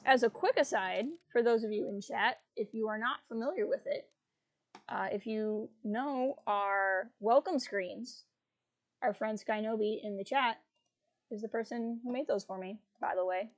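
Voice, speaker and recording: A young woman chatting playfully through a live game stream. Her voice sits a bit high and bounces with jokes and asides. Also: a little slow.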